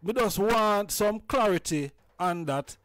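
A Jamaican man hosts a reasoning and asks his questions slowly, pausing often on "um". His voice sits a bit high, and the sound is dry and close. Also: animated, fairly bright tone, no echo. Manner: hesitant, filled with "um"s. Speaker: host. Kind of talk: casual reasoning.

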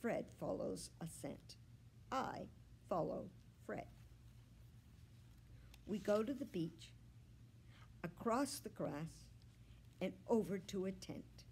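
A woman, a children's librarian, reading a children's book aloud in an expressive, unhurried way. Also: mid-range voice, gravelly, slight background noise.

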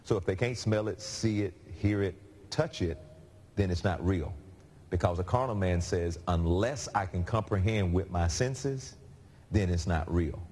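A man's voice: low-pitched, a little slow, husky. A man preaching a sermon in a conversational, storytelling way. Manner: conversational, animated storytelling with laughs.

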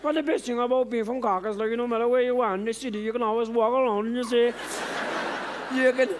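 An Irish man doing rambling, profane stand-up on a theatre stage, halting and restarting his sentences. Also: very high voice, fairly even intonation. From Ireland. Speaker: stand-up comedian. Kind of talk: stand-up routine. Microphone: stage microphone. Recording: live show, noisy crowd.

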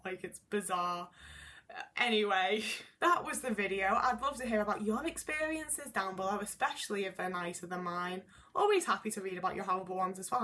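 Bright-voiced young woman vlogging candidly. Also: mid-range voice, a little hiss or hum. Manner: candid, rambling, frequent "like" fillers. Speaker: YouTuber. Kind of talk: casual vlog talk to camera.

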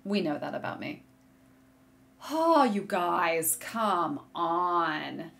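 A woman hosting a knitting video podcast from a room at home, chatting casually and gushing excitedly to viewers as she shows yarn. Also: fairly low pitch, very slow, vocal fry. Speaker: podcast host. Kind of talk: casual chat showing yarn on camera. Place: home room with a curtain behind her. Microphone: desk setup facing a monitor.

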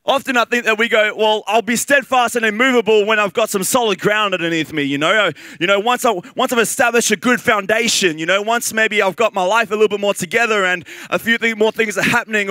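A man with an Australian accent preaching a sermon in a lively, conversational way, with fillers and repeated phrases. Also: sits high, dry recording.

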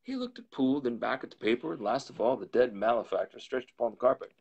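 A man hosting a storytelling show, slowly and deliberately reading a classic novel aloud. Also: medium pitch, lively intonation, vocal fry, a little mellow, husky, lo-fi sound. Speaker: storyteller host.

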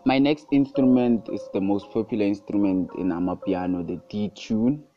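Man, deep voice, unhurried, casual tutorial narration, dull lo-fi audio, faint beat behind. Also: faint music behind. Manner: relaxed, repeats "guys" and "super cool". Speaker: music production tutorial host.

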